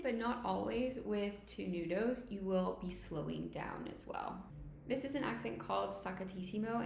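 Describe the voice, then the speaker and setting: A woman teaching violin, explaining each technique clearly and step by step. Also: medium pitch, echoey room, slight background noise. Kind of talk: instructional tutorial.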